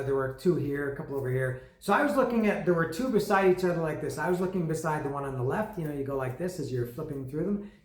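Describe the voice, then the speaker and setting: A man hosting an album review show, telling a long story in a rambling, self-mocking way with many asides. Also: a little high. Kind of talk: casual rambling monologue. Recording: echoey room.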